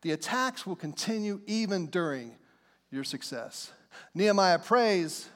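A man's voice: high-pitched, lively intonation, unhurried, a bit bright. A man preaching a sermon in a church, fervent and conversational, often putting questions to the congregation. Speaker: pastor. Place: church sanctuary. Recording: long reverb of a large hall.

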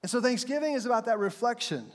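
This high-voiced male preacher speaks quickly, telling stories animatedly to his congregation during a lively sermon. His voice trails off in a long reverb, suggesting a large church sanctuary, as he acts out quotes and shouts.

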